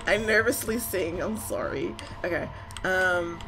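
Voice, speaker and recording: A woman's voice: fairly low pitch, a little slow, over music. A woman giving let's-play commentary, jumpy and swearing, who shrieks when she gets scared. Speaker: gamer.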